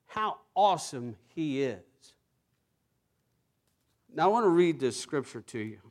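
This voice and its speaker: An emphatic preacher delivering a sermon at an unhurried pace. The voice swings widely in pitch, rising to loud, fervent exclamations.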